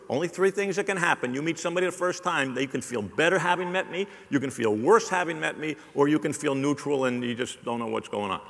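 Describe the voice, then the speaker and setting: A man's voice: on the high side, gravelly, fairly bright tone. A man giving a live keynote on sales to a conference audience, joking and teasing the crowd with punchy repetition. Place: large hall on stage. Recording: long hall reverb.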